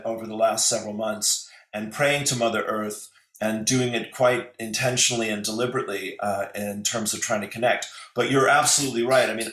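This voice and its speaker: A man's voice: mid-range voice, fairly bright tone, roomy sound. A man speaking as a guest on an online call, rambling and hesitant, with many fillers and restarts. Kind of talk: casual spiritual conversation. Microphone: video call.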